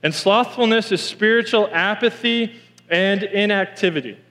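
A man's voice: high voice, moderate pace, a bit bright, big-room sound. A man preaching a sermon in a church, telling a story and repeating key lines for emphasis.

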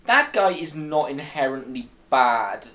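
A young British man in casual film chat with friends, animated, laughing often and restarting his sentences. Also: mid-range voice, unhurried.

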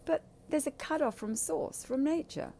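A woman's voice: sits high, sing-song, moderate pace, vocal fry, mellow, slight background noise. A woman speaking candidly in a blunt, profane and emphatic way. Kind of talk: candid casual talk.

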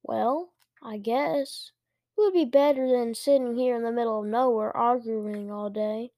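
Brief: gruff storybook dad, grumbling, read by a woman, dry close sound. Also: fairly high pitch, a little slow, mellow, dry recording. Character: impatient grumbling father driving the family car.

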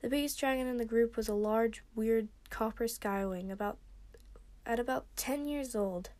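A woman's voice: on the high side, normal speed, a little mellow. A woman casually narrating her own fan fiction story, with slips and restarts. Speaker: podcast host reading fan fiction.

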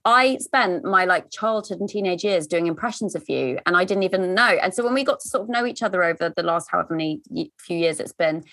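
Enthusiastic female podcast host, bright voice. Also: fairly low pitch, quick pace, few pauses. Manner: enthusiastic and gushing, with laughs and stumbles. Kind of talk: conversational interview.

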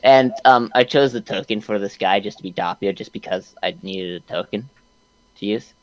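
A man's voice: on the low side, normal speed, no room sound, rough recording. A young man animatedly retelling a game session in casual chat, laughing and using many fillers. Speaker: podcast co-host recapping a game.

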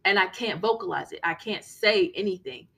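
A woman's voice: medium pitch, moderate pace, gravelly, fairly bright tone, breathy edge. A woman hosting a podcast, telling a personal story in an earnest, emphatic way and repeating key phrases for weight. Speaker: podcast host.

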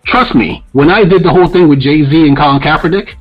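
A man's voice: fairly high pitch, a little fast, husky, dull audio, soft background music. A man co-hosting a podcast in casual, opinionated talk, blunt and profane as he rants. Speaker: podcast co-host.

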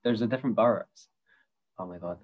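Easygoing guy with a lowish voice chatting about travels, muffled lo-fi audio. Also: a little fast. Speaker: podcast co-host. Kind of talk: casual travel chat.

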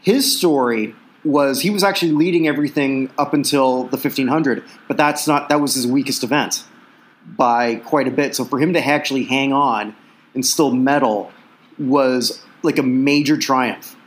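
A man's voice: medium pitch, normal speed. Chatty Canadian man on a sports show. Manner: chatty, asks questions, lots of fillers. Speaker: sports podcast host. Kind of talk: casual sports chat.

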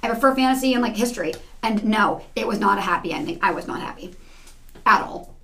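A woman who teaches second grade, telling stories in a quick, animated way during a casual interview. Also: mid-range voice, a little hiss or hum.

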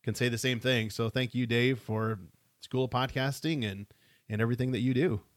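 A man's voice: medium pitch, steady tone, normal speed, no echo, studio quality. A man hosting a podcast, chatting easygoing and appreciative with his guest and signing off to listeners. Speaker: podcast host. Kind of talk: casual interview chat and show sign-off.

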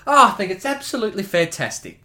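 A man's voice: high-pitched, very animated, quick pace, bright, forceful tone, voice pushed up, full character voice. A man putting on the voice of a gushing male film director who praises a podcast, in an effusive, overly polite manner. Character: gushing middle-aged male film director fan, an impression of a real director.

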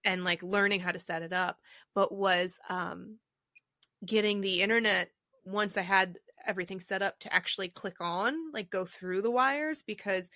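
Woman, podcast co-host, bright tone, dry close sound, animated storyteller. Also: medium pitch, normal speed, dry recording. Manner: chatty storyteller, animated retelling. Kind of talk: casual chat. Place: home recording with a drink.

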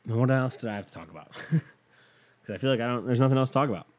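A man's voice: mid-range voice, very fast, darkish tone. A young man telling a story in a casual, rambling way, swearing freely and restarting his sentences often. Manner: rambling, profane, restarts a lot.

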